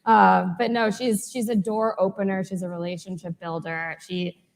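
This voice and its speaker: A woman's voice: medium pitch, steady tone, moderate pace. A woman speaking as a panelist in a live discussion, earnest, with many fillers. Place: event hall with audience.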